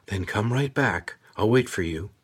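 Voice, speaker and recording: A man's voice: on the low side, expressive, unhurried, slightly rough, pitched above the performer's own voice. Man doing a firm, practical farm mother.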